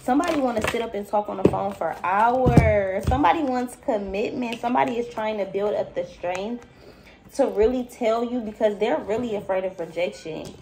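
A woman with a slightly high voice speaks at a moderate pace over some background noise. She's a spiritual reader doing a casual, intuitive reading, talking right to her viewers with plenty of loose filler and calling them baby.

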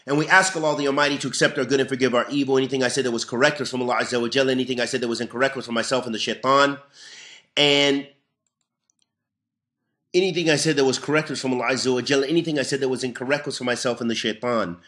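A man's voice: mid-range voice, steady tone, racing, fairly bright tone, reverberant. A man teaching a religious lesson, reading a text and explaining it in an earnest, emphatic way. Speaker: Islamic lecturer.

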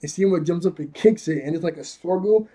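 A man's voice: a little high, fairly quick, dark tone, breathy edge. A man casually recapping an anime episode, rambling, chuckling often and correcting himself as he goes.

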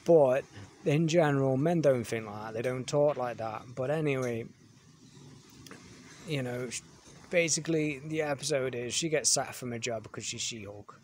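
Male reviewer, blunt ranting delivery, mid-pitched voice, faint background hiss. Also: normal speed, darkish tone. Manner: blunt, dismissive, repeats "you know what I mean".

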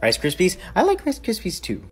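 A young man in his late teens, playfully talking to his toy trucks and calling their game like an excitable sports commentator. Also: high-pitched, fairly quick, over music. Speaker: video creator. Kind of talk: comic skit with mock sports commentary.

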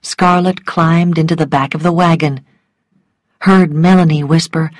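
A woman narrating a story for English learners in a slow, careful, clearly paced reading. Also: low-pitched, steady tone, darkish tone, dry recording, studio quality.

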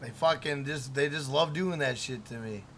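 A man's voice: mid-range voice, moderate pace, fairly bright tone, a little hiss or hum. A man live-streaming a game, chatting casually, swearing and joking as he reads out viewer messages.

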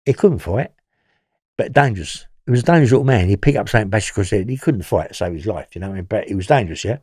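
A man's voice: on the low side, expressive, very fast, darkish tone, slightly rough, no echo, clean studio sound. A man, a former prisoner telling rambling stories in an interview, swearing and laughing as he goes. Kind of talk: storytelling interview.

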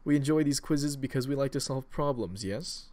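A man voices a silky, menacing villain with grand plans, speechifying in a pompous, rabble-rousing manner that grows louder. His deep voice is silky and almost seductive, sounds natural, and moves at a moderate pace.

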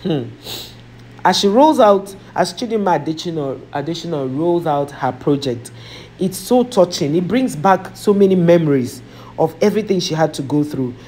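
Woman, vlogger, reading comments, emotional exclamations, mellow dark tone. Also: on the low side, a little hiss or hum. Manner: emotional, reacting with sighs and exclamations. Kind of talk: reading comments aloud, casual chat.

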